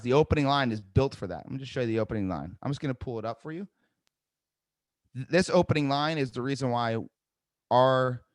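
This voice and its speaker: A man's voice: mid-range voice, no echo. A man hosting a live sales webinar, coaching with energy and repeating key phrases for emphasis.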